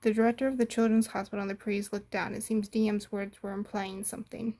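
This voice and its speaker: A woman reading a game story aloud, steady with small stumbles, narrating and playing the detective. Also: mid-range voice, fast, few pauses. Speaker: story reader.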